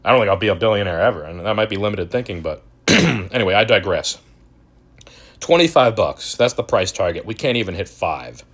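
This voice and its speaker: Young dude ranting about crypto on his channel, swears a lot, kinda fed up and mocking, lowish voice. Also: animated, fairly quick, fairly bright tone. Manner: profane, exasperated, mocking. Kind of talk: ranting video commentary.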